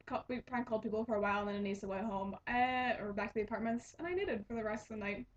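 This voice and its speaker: A young adult woman with a medium-pitched, rapid-fire voice hosts a casual knitting podcast and works as a resident assistant. In a dull lo-fi home recording, she tells a rambling story with lots of giggles and restarts.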